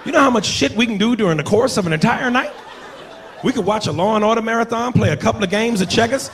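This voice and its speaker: Brash high-voiced stand-up comedian. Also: male voice, quick pace. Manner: brash, profane, loud impressions. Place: comedy club stage. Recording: live club with loud crowd and noise. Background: audience laughter.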